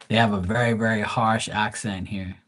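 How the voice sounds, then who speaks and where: A Bermudian man with a fairly low voice, hosting a live tarot stream. He rambles in easy, chatty asides to his viewers and swears freely. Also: a bit bright, low-quality recording. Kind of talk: casual live-stream chat.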